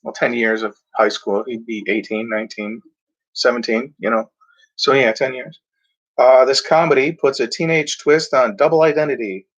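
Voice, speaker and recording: A man's voice: medium pitch, fairly even intonation. Rambling man, dull lo-fi recording. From Mexico. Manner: rambling, halting, frequent throat clearing and fillers. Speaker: movie reviewer. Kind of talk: casual movie talk, reading back covers.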